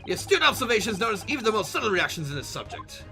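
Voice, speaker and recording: A man's voice: high-pitched, sing-song, very fast, gravelly, pushed and bright, soft background music, voice pushed up, heavily acted. A man voicing a pompous, eccentric British detective with a put-on British accent and a theatrical, grandiose delivery.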